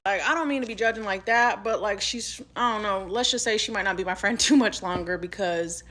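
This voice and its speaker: A woman telling a casual storytime in a fast, profane, gossipy way. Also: medium pitch, pushed and bright.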